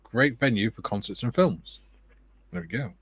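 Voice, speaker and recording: A man with a British accent hosting a relaxed livestream, reading viewer comments aloud and chatting casually with joking asides. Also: lowish voice, normal speed, husky, dry recording. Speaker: livestream host.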